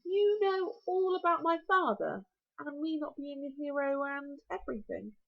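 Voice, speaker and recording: A woman's voice: high voice, lively intonation, normal speed, gravelly, voice pushed up. A woman with a British accent voicing a small, anxious, earnest boy who sounds pleading and indignant, in a storybook reading. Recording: lo-fi recording.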